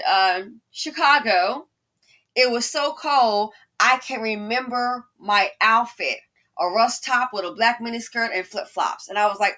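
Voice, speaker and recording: A woman hosting a casual commentary monologue, speaking straight to her viewers with exclamations and rambling asides. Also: a little high. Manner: animated, talks straight to viewers. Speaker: commentary channel host.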